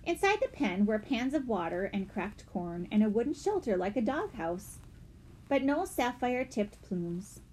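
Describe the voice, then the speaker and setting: A woman narrating a children's mystery audiobook with expressive storytelling. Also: on the high side, normal speed, a little hiss or hum.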